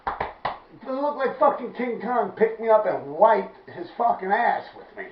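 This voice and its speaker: A man's voice: high voice, lively intonation, a little slow. A man with a New York accent, telling a graffiti story to his viewers in loose, profane street talk, laughing as he goes. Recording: echoey, distant, dull with faint noise.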